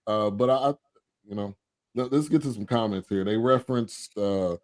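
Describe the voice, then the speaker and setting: A man co-hosting a movie review podcast, speaking in a relaxed, hesitant way with restarts. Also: fairly low pitch, moderate pace. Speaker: podcast co-host. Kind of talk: casual movie review chat.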